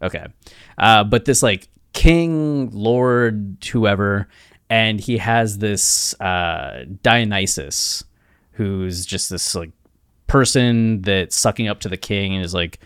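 A male podcast co-host in casual chat, spinning a story in a playful, rambling way. His voice sits on the low side. The sound is dry and close to the mic. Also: takes it slowly, a bit bright, smooth, dry recording.

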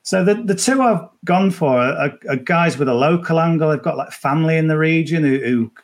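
A man's voice: fairly high pitch, brisk. A man giving golf betting tips in casual podcast chat, chatty and rambling, often restarting his sentences.

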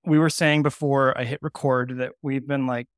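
A man's voice: medium pitch, level tone, normal speed, no echo, studio quality. A man co-hosting a podcast in casual chat, eager and rambling with lots of fillers. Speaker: podcast co-host.

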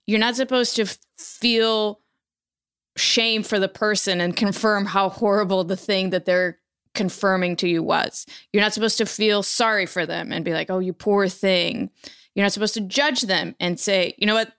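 A woman's voice: mid-range voice, steady tone, normal speed, a bit bright, smooth. Woman host, chatty and laughing, mid-range voice, casual delivery. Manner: chatty, laughs easily, reads points out in a list. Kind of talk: casual podcast conversation.

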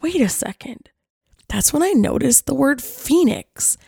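A woman in her forties, a podcast host, telling a personal story in a playful, animated scripted narration. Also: sits high, measured pace, vocal fry, no room sound, studio quality. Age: 40s.

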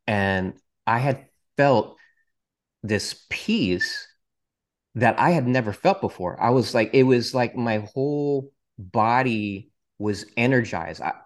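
A male podcast host candidly and earnestly telling his personal faith testimony, with touches of self-deprecating humor. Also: fairly low pitch.

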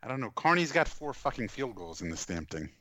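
A man's voice: mid-range voice, sing-song, a little fast, bright, forceful tone, slight background noise. A man co-hosting a casual sports rewatch over a call, blunt and questioning, swearing casually. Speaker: podcast co-host.

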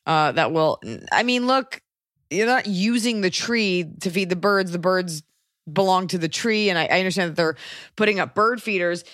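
A woman co-hosting a podcast in a casual advice chat, joking and rambling with quick asides. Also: fairly low pitch, a bit bright, no room sound, clean studio sound. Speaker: podcast co-host.

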